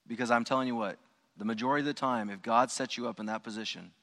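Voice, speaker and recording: A man's voice: medium pitch, fast, sharp tone. A man, a pastor, telling a personal story to his congregation in a loose, conversational way with frequent restarts and asides. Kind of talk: storytelling sermon. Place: church sanctuary. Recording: long hall reverb.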